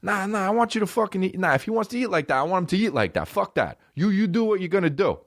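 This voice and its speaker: Brash young New Yorker, pitched up and pushy, done by a man; New York accent. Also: sing-song, quick pace, no room sound, studio quality. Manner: loud, blunt, profane.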